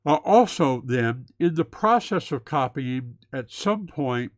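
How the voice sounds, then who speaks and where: A man's voice: medium pitch, lively intonation, takes it slowly, dry recording. A man giving a recorded lecture, explaining methodically step by step with occasional fillers.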